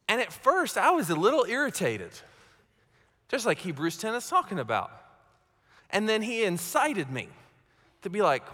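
A man's voice: high voice, huge pitch swings, moderate pace, pauses often, a bit bright. A man preaching a sermon as pastor, conversational and self-mocking, often checking in with his listeners. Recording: long hall reverb.

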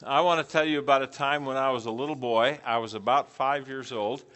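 A man's voice: mid-range voice, fairly quick, fairly bright tone. A middle-aged man teaching a preaching class, putting questions to the group and repeating back their answers.

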